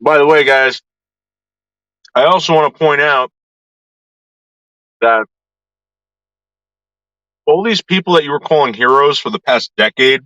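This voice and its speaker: A man's voice: a little high, unhurried, pauses often, sharp tone, dry recording, muffled recording. A man ranting to his viewers in a vlog, swearing often and talking in an agitated way. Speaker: YouTuber.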